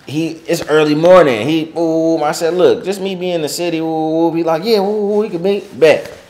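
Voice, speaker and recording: A man's voice: on the high side, moderate pace. A middle-aged man telling a story in a casual interview, slangy and full of fillers, raising his voice to act out quotes. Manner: animated, acts out quotes in raised voice; slangy, filler-heavy speech. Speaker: interview guest.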